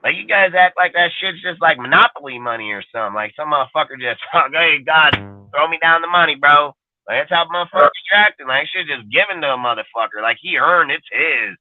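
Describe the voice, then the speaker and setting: A man's voice: fairly high pitch, expressive, fast talker, hardly any pauses, no room sound. A man ranting bluntly and profanely in a casual podcast chat. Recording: dry phone-line sound.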